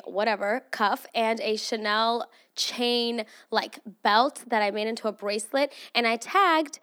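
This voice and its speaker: A young woman hosts her own podcast in a loose, chatty way, her fairly high voice stuffy and nasal from allergies. She swears freely and teases her listeners with animated, scolding banter. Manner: profane, animated, playfully scolding. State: congested from allergies. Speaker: podcast host. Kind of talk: casual chat.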